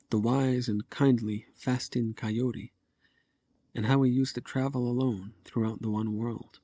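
A man's voice: medium pitch, breathy edge. A man voicing a fawning male governor who speaks obsequiously to a noble. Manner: obsequious, flattering.

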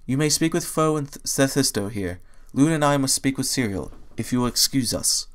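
A man's voice: medium pitch, lively intonation, pitched above the performer's own voice, natural voice. A man voicing a solemn ancient pony princess. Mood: gracious. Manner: slow formal proclamation.

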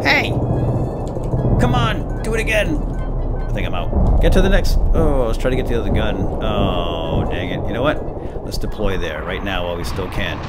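A man giving casual, excitable gameplay commentary, joking with his teammates as he plays. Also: on the low side. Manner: excitable, jokey, talks to teammates. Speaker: let's play gamer. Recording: game music behind voice.

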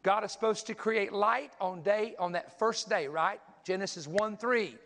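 A man's voice: high voice, normal speed, vocal fry, a bit bright, a little hiss or hum. A man preaching a sermon, teaching energetically, counting aloud and pointing things out as he goes. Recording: long hall reverb.

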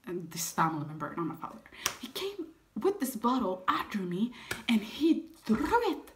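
An eighteen-year-old woman vlogger telling a dramatic story, lively, with frequent whispered asides. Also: medium pitch, normal speed, a little hiss or hum. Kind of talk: storytime vlog.

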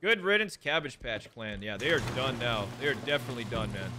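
Excitable man narrating his gameplay. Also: mid-range voice, a little fast, very noisy. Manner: chatty, excitable, jokey and profane. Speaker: gamer and video creator. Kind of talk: casual gameplay commentary.

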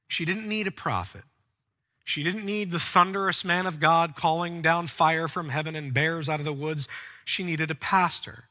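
A man preaching a sermon as pastor of a church, swinging from quiet, soft passages up to fervent, near-shouting peaks. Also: a little high. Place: large church auditorium. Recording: long hall reverb.

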